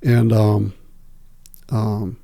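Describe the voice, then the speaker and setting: Gravelly low-voiced man. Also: flat delivery, dark tone. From United States. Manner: slow, halting, many fillers and restarts. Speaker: podcast guest. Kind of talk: long-form interview storytelling.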